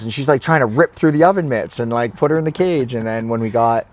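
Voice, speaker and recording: A man's voice: mid-range voice, fast talker. A young man, a podcast guest, telling long casual stories in a rambling way full of "like" fillers, recorded on a lapel mic clipped under his shirt. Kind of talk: casual storytelling.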